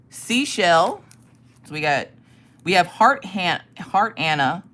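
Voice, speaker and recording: Greeting her viewers by name, an American woman chats casually on her livestream. Her low-pitched voice is animated and fairly bright, her pace slow, and a ticklish cough sits in her throat.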